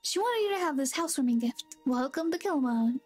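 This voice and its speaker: An eager young courier boy bubbles along in a game's dialogue, read out by a woman streamer. The voice sits high and bright, quick with cheer. Faint game music plays underneath. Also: lively intonation. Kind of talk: reading game dialogue aloud.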